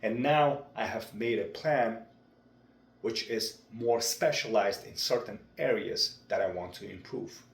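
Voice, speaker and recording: A young man talking through his speaking practice in a vlog, with a deliberate, measured delivery. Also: on the low side, creaky. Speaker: vlogger. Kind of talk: reflective speech-practice vlog. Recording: roomy echo.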